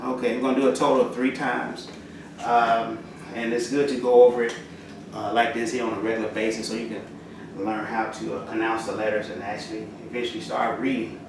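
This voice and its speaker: A man leads a casual alphabet lesson, pausing often with fillers. He sits well back from the mic, so his voice rings in a very roomy space with steady background noise. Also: lowish voice. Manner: halting, many fillers, slow and clear letter drills. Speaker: Arabic teacher. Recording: roomy echo from far off, audible noise.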